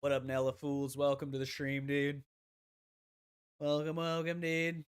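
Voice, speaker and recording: Slow-talking, smooth-voiced crude woman streamer. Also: deep voice, monotone. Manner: crude, profane, teasing banter with chat. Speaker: game streamer. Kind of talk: casual gaming stream chat.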